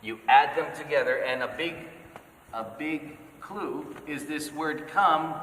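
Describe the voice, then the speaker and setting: A music teacher leads a note-reading class in a church hall, speaking at a measured pace in a fairly high, fairly bright voice. He patiently counts beats aloud and checks that everyone follows. The recording is echoey and distant, with a little hiss or hum.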